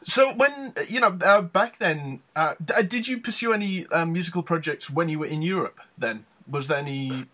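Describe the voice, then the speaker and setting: A man with a softened Newcastle accent hosts a relaxed interview, feeling his way through questions with plenty of fillers. His voice sits a touch higher than most men's. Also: normal speed, hardly any pauses. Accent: toned-down Newcastle. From northeast England. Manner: hesitant, chatty, full of ums and fillers. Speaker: podcast host. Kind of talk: casual interview chat.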